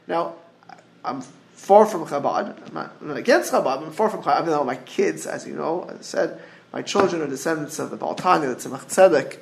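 A man's voice: high-pitched, vocal fry. A middle-aged man giving an informal Torah class, digressive and full of restarts. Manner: digressive, restarts often, hums melodies. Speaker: Torah teacher.

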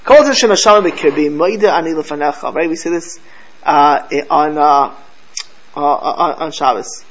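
High-voiced rabbi chatting through a lesson. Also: male voice, normal speed, highs cut off. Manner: chatty, asks "right?" often, mixes in Hebrew prayer phrases. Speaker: rabbi teaching a class. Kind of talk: casual Torah lecture to a live group.

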